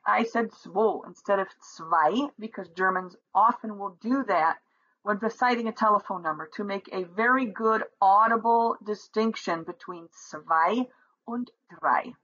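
A woman teaching a language lesson, explaining patiently and reading numbers out slowly and deliberately. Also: mid-range voice, pushed and bright, slightly rough. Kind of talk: slow instructional explanation. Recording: dull lo-fi recording.

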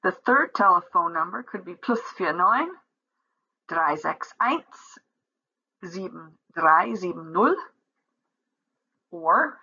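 A woman teaching a language lesson at a slow, careful pace, reading numbers out one by one. Her voice is bright but a little husky. The recording sounds dull and lo-fi. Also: fairly low pitch. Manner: reads digits slowly and deliberately, explaining patiently. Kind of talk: slow instructional explanation.

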